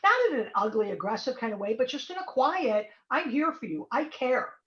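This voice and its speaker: A woman's voice: fairly high pitch, big pitch swings, brisk, roomy sound, dull audio. A woman speaking as a guest in an online talk, giving emphatic and encouraging advice over a video call. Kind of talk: webinar talk.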